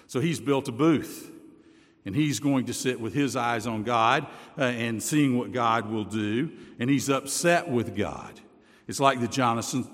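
Male pastor, lively pitch, reverberant sanctuary, conversational preaching full of rhetorical questions. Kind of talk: sermon. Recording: long reverb of a large hall.

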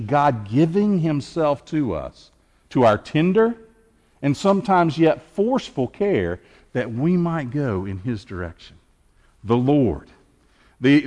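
A man preaching an Easter sermon as pastor, earnest and measured, with emphatic pauses. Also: mid-range voice, long reverb tail.

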